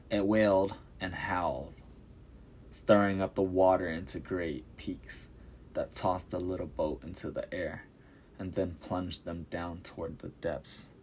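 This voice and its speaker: A man reading a Bible story aloud as a podcast narrator, measured and descriptive. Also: low voice, a little hiss or hum.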